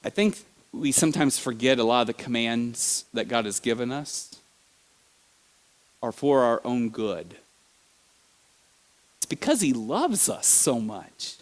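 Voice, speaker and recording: A middle-aged man preaching in a church, telling stories with animated bursts, sudden shouts and laughter. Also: medium pitch, unhurried, pauses often. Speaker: pastor. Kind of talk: sermon.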